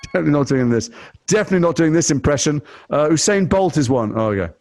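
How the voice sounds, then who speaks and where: A man's voice: on the high side, expressive, fast, a little mellow, faint music behind. A middle-aged man as a guest in a casual video-call chat, wry and self-mocking, given to rambling.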